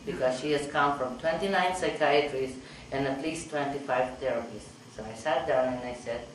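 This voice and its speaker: A middle-aged psychiatrist with a mid-range voice speaks at normal speed with hardly a pause, sharing patient stories with a meeting audience and acting out their lines. The hall is echoey and noisy, and he stands far from the mic.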